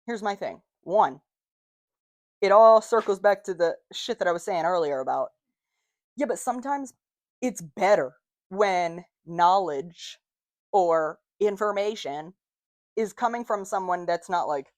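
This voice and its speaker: A woman hosting her own podcast in a casual, animated solo talk, swearing freely and acting out the voices of doubters. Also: medium pitch, measured pace, pauses often, dry recording, studio quality. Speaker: podcast host.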